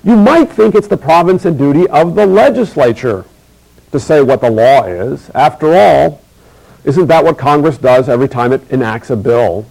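A middle-aged man giving a recorded university lecture, measured and emphatic, slowing to repeat key phrases. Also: fairly high pitch, lively intonation, gravelly, a little mellow, poor audio.

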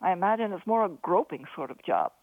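A woman's voice: fairly low pitch, expressive, quick pace, dry recording. A woman voicing a big, dry-humoured male sailor who teases in a wry way. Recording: dry, phone-like narrow sound.

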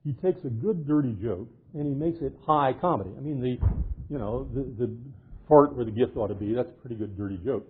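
An older man, a literature professor, giving an animated lecture and cheerfully acting out the characters of a medieval tale, reading old verse aloud. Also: medium pitch, fairly quick, slight background noise. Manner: jovial, acts out quoted characters, reads old verse aloud. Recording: tinny phone-like lecture recording.

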